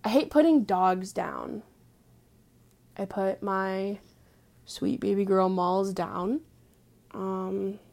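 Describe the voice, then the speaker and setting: A young woman venting in a casual vlog, blunt and crude, with lots of "like" fillers and the odd hushed aside. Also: medium pitch, creaky. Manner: drops to hushed asides now and then. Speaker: vlogger. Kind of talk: casual profane venting monologue.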